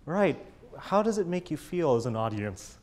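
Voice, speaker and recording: A man's voice: a little high, big pitch swings, normal speed, a little mellow. A man coaching a chamber ensemble in a master class, encouraging and enthusiastic, singing out rhythms with syllables.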